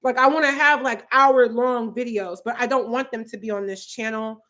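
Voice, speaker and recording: On a livestream from her apartment, a YouTuber in her twenties from Philadelphia reads viewer comments in a fairly bright voice on the high side, with fairly even intonation and a moderate pace. She's chatty and rambling, with plenty of "like" and "um."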